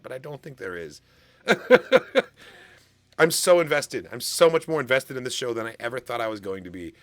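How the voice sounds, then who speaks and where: A man's voice: mid-range voice, fairly bright tone, no room sound. A man hosting an anime reaction channel, chatting casually and enthusiastically to his viewers with plenty of fillers. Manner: enthusiastic and chatty, with lots of fillers and bursts of laughter. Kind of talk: casual reaction commentary to camera.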